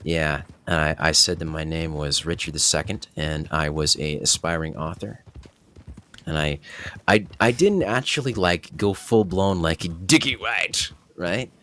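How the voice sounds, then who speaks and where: A man's voice: low voice, measured pace, pushed and bright. A man chatting in a roleplay stream, giggly and self-deprecating as he tells stories. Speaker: roleplay player. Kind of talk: in-character roleplay chat.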